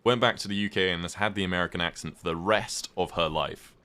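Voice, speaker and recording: A man's voice: low voice, fast, pushed and bright, clear, resonant tone. A man streaming a game, rambling in casual chat and often laughing at himself. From United Kingdom. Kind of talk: casual livestream chat while playing a game.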